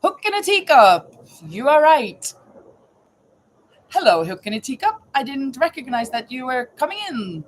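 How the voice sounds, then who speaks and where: A woman's voice: sits high, big pitch swings, moderate pace, slight background noise, rough recording. A woman hosting a casual live chat, reading trivia questions aloud and greeting viewers by name. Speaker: livestream host running a trivia quiz.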